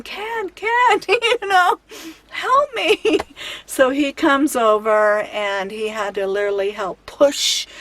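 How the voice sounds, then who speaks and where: A woman van life vlogger telling a story to camera in a chatty, rambling way, laughing lightly as she goes. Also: a little high.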